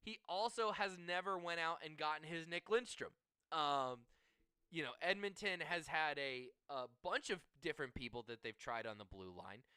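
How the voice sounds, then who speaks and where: Bright, crisp-voiced man. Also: on the high side, animated, normal speed, no room sound. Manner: profane, storytelling, laughs often. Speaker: podcast co-host. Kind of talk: casual sports chat.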